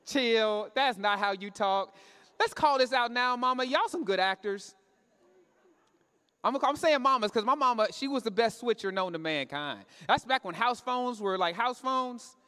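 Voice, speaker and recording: High-voiced pastor in a reverberant church. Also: male voice, expressive, normal speed, pushed and bright, clear, resonant tone. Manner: conversational preaching with call-and-response questions. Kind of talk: sermon. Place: church sanctuary.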